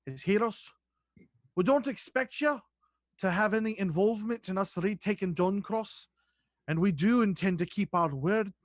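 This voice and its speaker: Dude playing a calm formal queen, measured and even, dry sound. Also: sits high, no echo, lightly acted. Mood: commanding. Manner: measured, stately speech. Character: composed, formal female queen.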